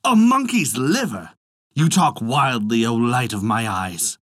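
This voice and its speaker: A man's voice: medium pitch, a little slow, a bit bright, no room sound, clean studio sound, natural voice. A man voicing a lovesick, fretting dragon king of the sea in a storybook tale, pleading and commanding in turn. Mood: distraught.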